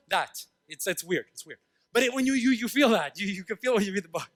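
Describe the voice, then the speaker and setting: A male pastor preaching a lively sermon in a church, acting out voices and swinging from loud outbursts to hushed tones. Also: high-pitched, fast. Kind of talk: animated sermon. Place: church sanctuary.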